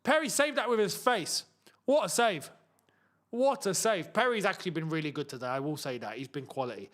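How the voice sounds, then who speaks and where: A young man gives live reaction commentary on a football match for his watchalong audience. His voice sits high and moves a great deal, and he breaks into shouts and laughter whenever a chance comes. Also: fairly quick. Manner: excitable, shouts and laughs at chances, chatty asides.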